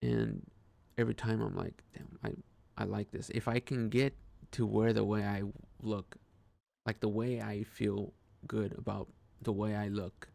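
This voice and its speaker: A man's voice: fairly low pitch, fairly even intonation, measured pace, creaky, warm tone, dry recording. A man talking through a casual personal monologue, hesitant and rambling, with frequent restarts and swearing. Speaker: vlogger.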